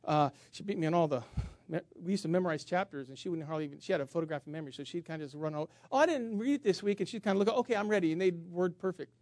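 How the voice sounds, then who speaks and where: High-voiced man preaching, dry sound. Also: very fast, no room sound. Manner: animated, swings between loud emphasis and hushed asides; humorous storytelling with self-mockery. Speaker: pastor. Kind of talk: sermon.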